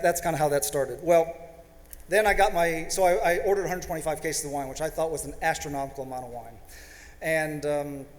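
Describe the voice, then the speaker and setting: A man in his fifties with a somewhat high voice tells a story to an audience, acting out each side of the conversation. His self-deprecating delivery carries through a lecture hall with a long, roomy reverb. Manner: anecdotal, self-deprecating, acts out quoted dialogue. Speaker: panelist. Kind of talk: storytelling talk on a panel.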